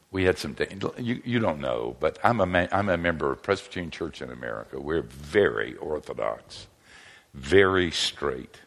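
An older man, a pastor and seminary teacher, telling humorous stories in a lively, self-mocking way and chuckling often. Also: very deep voice. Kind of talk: humorous storytelling talk.

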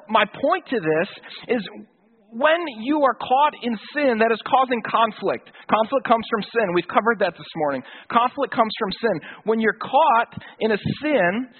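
A man's voice: high voice, breathy edge. A man preaching a sermon in a casual, conversational way, with slang and acted-out quotes. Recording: tinny phone-like sound.

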